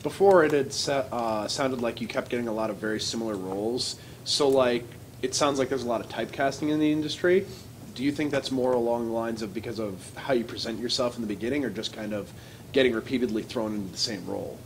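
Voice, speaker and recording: Man, audience questioner, quick but halting, thoughtful, faint room noise. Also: mid-range voice. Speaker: audience member asking questions.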